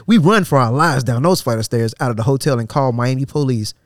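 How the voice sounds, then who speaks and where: A man's voice: medium pitch, a little fast, dry recording, clean studio sound. Sarcastic man hosting a casual podcast. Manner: sarcastic and incredulous, breaks off reading to mock the poster; loose, slangy delivery with frequent restarts. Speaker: podcast host. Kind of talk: casual podcast commentary, reading out a social media thread.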